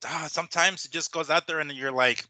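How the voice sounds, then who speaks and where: Male boxing co-host, quick delivery, dry close mic, casual and hesitant. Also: on the high side, fairly even intonation, bright, forceful tone, no echo. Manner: fast, hesitant, swears. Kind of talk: casual podcast chat.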